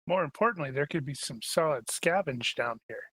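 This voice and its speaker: A man playing a tabletop game, joking in quick quips. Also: fairly high pitch, lively intonation, pushed and bright, slightly rough. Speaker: player. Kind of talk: casual tabletop play.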